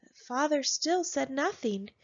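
Slow, gentle woman reading a storybook. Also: sits high, expressive. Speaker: storybook narrator. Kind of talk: reading a picture book aloud. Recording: dull lo-fi sound.

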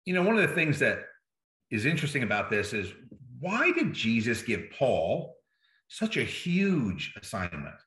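Bright-voiced pastor preaching in an echoey room. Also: male voice, medium pitch, wildly swooping pitch, measured pace. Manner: conversational, checks in with "right?" and "okay?". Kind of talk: sermon.

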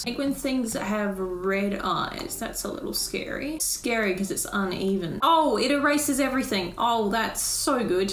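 High-voiced Australian woman gaming. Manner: playful, self-mocking chatter. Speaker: let's play gamer. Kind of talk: casual gameplay commentary. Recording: roomy echo.

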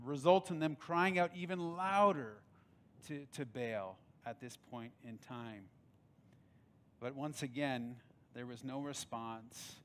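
Male pastor, mid-pitched, dramatic storytelling sermon with hushed and loud swings.

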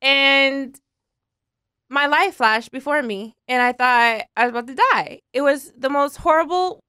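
A woman's voice: high-pitched, unhurried, pushed and bright, dry recording, studio quality. A woman co-hosting a podcast, telling a story with dramatic emphasis in casual chat. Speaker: podcast co-host.

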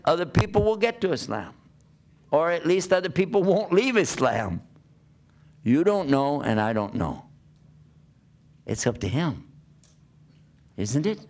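A man giving a conversational sermon, asking his listeners rhetorical questions as he preaches. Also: fairly high pitch. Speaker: Islamic preacher.

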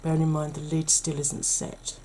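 A woman with a husky, croaky voice hosts a soft-spoken ASMR makeup tutorial, chatting gently to her viewers. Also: low-pitched, completely flat delivery, moderate pace, a little hiss or hum. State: husky, croaky voice from a sore throat.

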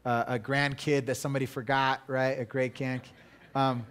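A man's voice: mid-range voice, flat delivery, moderate pace, a bit bright. Chatty middle-aged man preaching. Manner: chatty, self-deprecating, many restarts and laughs. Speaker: pastor. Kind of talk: casual conversational sermon.

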